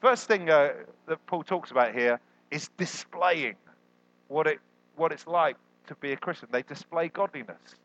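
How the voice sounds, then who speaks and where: A man preaching a sermon as a guest, animated and jokey, jumping up in pitch when he quotes people. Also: normal speed, no echo, muffled recording. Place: church hall.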